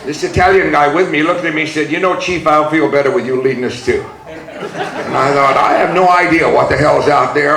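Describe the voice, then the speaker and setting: Gravelly older man, blunt storyteller. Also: fairly high pitch. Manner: profane, blunt, laughing storyteller. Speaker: activist speaker. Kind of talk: storytelling speech. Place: large hall. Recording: echoey hall recording.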